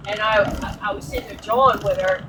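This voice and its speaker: A woman's voice: medium pitch, flat delivery, quick pace. A woman telling brash, swear-laden stories in casual chat, acting out quotes, from inside a vehicle. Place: in a vehicle, air conditioner blowing. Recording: distant mic with road noise.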